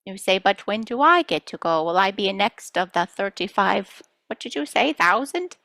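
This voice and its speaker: Woman channeling star-being collective, playful, teasing, calls listeners children, bright tone, dry close sound. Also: medium pitch, lively intonation, moderate pace, gravelly, no echo. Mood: reassuring. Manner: addresses listeners as children, gently scolding. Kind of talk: channeling session.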